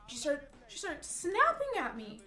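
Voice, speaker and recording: A young woman livestreaming from home, telling a story in a chatty, animated way full of "like" while reading chat. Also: sits high, measured pace. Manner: chatty, animated, peppers speech with "like".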